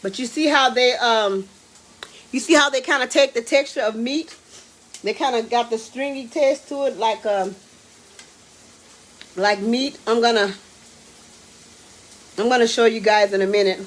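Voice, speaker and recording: A woman, chatting excitedly to viewers while cooking in her home kitchen. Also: a little high, measured pace, long pauses. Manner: excitable, exclaims with food, talks to viewers as y'all and baby. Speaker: home cook hosting a live cooking stream. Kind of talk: casual live cooking chat.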